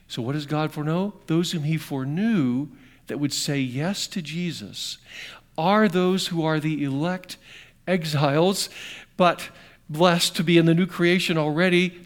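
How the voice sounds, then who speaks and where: A middle-aged man preaching a sermon conversationally, asking his congregation questions and swinging between emphatic bursts and quiet, slowed passages. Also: a little high. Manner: conversational, asks the audience questions. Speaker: pastor.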